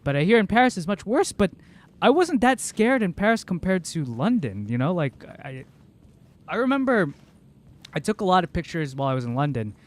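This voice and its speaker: Rambling male streamer from the American South, slightly higher pitch, casual talk into a desk mic. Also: sing-song. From Southern United States. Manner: rambling, chatty storytelling, quick laughs. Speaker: game streamer. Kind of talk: casual chat while playing.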